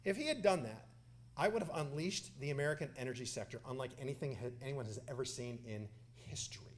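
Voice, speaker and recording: Brief: man doing a boastful ex-president, deeper than his own voice, big claims and repeated superlatives. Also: fast talker, a little hiss or hum, close to an everyday voice. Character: impression of a brash former male president.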